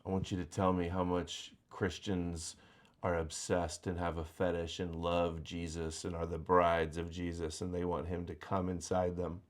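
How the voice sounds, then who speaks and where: A man's voice: deep voice, flat delivery, normal speed. A man hosting a live-stream talk show, talking in a blunt, mocking, provocative way. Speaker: host.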